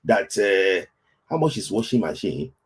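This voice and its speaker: Nigerian male stream host, lowish husky voice, repetitive lament. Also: big pitch swings, unhurried. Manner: lamenting, repeats phrases over and over. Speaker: football talk show host. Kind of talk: casual live-stream commentary.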